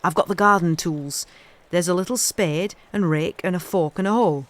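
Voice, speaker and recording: A woman doing a soft-spoken Yorkshire moor boy. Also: lightly acted. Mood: eager. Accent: Yorkshire dialect, put on. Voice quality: low soft voice. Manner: slow, hushed, easy. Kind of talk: storybook reading.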